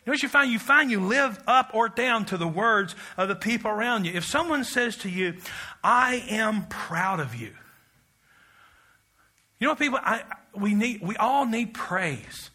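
A man's voice: very high voice, expressive, normal speed, hardly any pauses, pushed and bright. A middle-aged man preaching a sermon, emphatic and leading the congregation in call-and-response.

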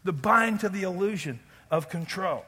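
A man preaching a sermon as pastor, animated, acting out loud pleading prayers and making joking asides. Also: high-pitched, normal speed, breathy edge, big-room sound.

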